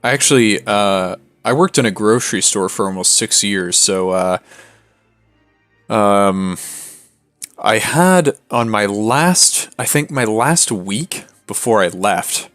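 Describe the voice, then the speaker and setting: Brief: young man, gaming streamer, slangy and swears, lowish voice, dry close sound. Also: lively intonation, takes it slowly, fairly bright tone, dry recording, faint music behind. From Canada. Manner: laid-back and slangy, swears freely. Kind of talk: casual late-night stream chat.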